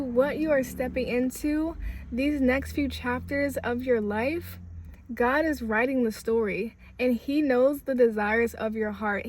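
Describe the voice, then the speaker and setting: A young woman with a fairly high voice delivers an uplifting spiritual message. She talks casually and warmly, as if speaking to a friend. She stacks repeated phrases to build emphasis. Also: slight background noise. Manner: conversational and emphatic, with repetition. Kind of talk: casual inspirational preaching.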